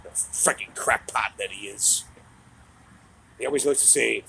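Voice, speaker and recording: A man's voice: fairly low pitch, unhurried, vocal fry, pauses often, pushed and bright, a little hiss or hum, low-quality recording. A middle-aged man giving a heated, profane political rant, mocking and angry. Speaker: political commentator.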